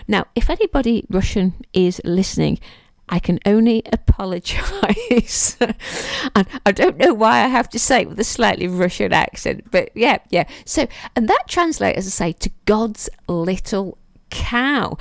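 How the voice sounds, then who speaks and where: A woman's voice: mid-range voice, gravelly, no room sound. A woman hosting a podcast, talking casually on her own, chatty and poking fun at herself as she goes. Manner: chatty and self-mocking, laughs at herself. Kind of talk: casual solo monologue.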